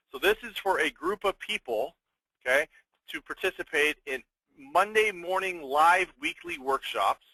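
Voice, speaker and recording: Bright, upbeat salesy man. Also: no echo, poor audio. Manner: upbeat salesy pitch with rhetorical questions; keeps checking in with "okay?". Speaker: webinar host. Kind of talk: sales webinar presentation.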